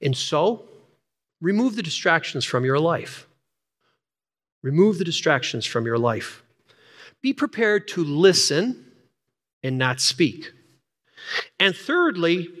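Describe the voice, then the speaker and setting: A man in his sixties preaching a sermon, repeating key lines and dropping to a near-whisper to stress points. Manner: swings from energetic, high, fast passages down to hushed, near-whispered emphasis. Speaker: pastor. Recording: long hall reverb.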